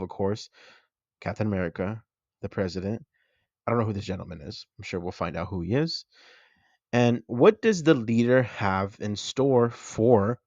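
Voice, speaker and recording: A young man hosting a movie channel, chatting excitedly and correcting himself as he breaks down a trailer. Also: lowish voice, dry recording, dull audio. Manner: excited, chatty, self-correcting fan talk.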